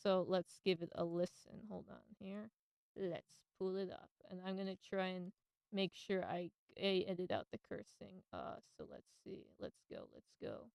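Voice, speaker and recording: A woman's voice: lowish voice, moderate pace, gravelly, a little mellow, clear, resonant tone, no echo. A woman hosting a casual radio monologue, enthusiastic and slangy. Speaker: radio host.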